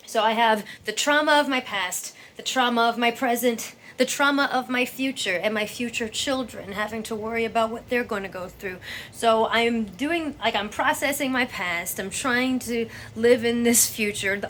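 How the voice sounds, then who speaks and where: A woman's voice: mid-range voice, fairly bright tone, a little hiss or hum. A woman giving a blunt, profane, exasperated rant to camera as a vlogger.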